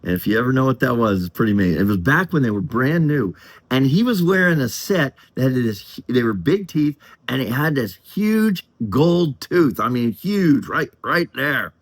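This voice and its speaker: A man's voice: medium pitch, sing-song, normal speed, dry recording. An older man from Colorado tells a story in a loose, rambling way, chuckling as he goes and putting on drawling voices for the people in it. His voice rises and falls a lot. The sound is close and dry, with no room around it. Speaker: channel host. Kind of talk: casual storytelling to camera.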